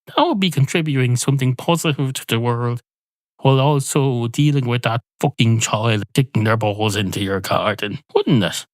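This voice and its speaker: A man hosting a podcast, spinning a rambling, sweary comic monologue and switching into quick voices for the characters. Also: mid-range voice, no room sound. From Ireland. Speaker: podcast host.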